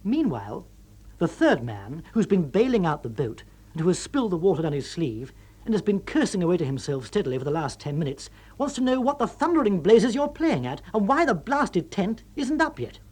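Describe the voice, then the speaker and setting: Lively male storyteller. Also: high-pitched, brisk, breathy edge. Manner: wry, lively, comic. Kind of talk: expressive storybook reading.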